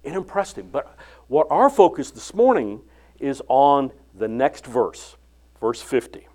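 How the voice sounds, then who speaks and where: An older man preaching a sermon, retelling the Bible story and acting out its dialogue with lively inflection. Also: mid-range voice, normal speed. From California.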